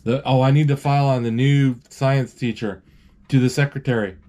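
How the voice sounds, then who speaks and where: A man's voice: mid-range voice, steady tone, moderate pace, warm tone. A man narrating a cartoon film live in a casual, rambling way, restarting words and reading out characters' lines. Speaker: movie describer.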